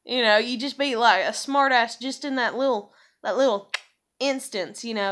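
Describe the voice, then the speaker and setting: A woman vlogs casually, rambling and swearing, leaning heavily on "like" and "you know." Her voice is a little high with a fairly bright tone, at a normal speed.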